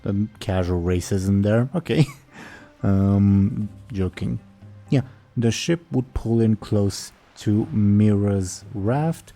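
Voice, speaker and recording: A man's voice: on the low side, slow pace, dark tone, faint music behind. A young man running a tabletop game as game master, rambling with hesitant fillers.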